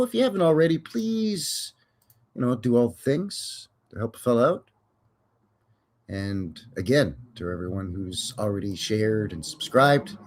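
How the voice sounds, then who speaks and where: A man hosting a casual live stream, chatting in a folksy, rambling way with jokes and cowboy slang. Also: mid-range voice.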